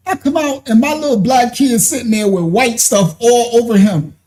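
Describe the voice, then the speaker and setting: Man spinning a story, keeps laughing, high-ish mellow voice. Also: moderate pace, hardly any pauses. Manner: animated, laughs often, acts out quoted voices. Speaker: show host telling a personal story. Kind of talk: casual storytelling.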